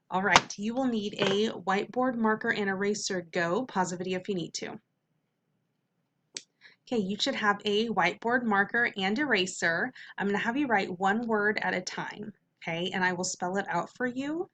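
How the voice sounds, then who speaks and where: A woman teacher leading a phonics lesson for kids, patiently drilling the vowels and slowly sounding out syllables. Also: mid-range voice, a bit bright, slight background noise. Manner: patient, repetitive classroom drills.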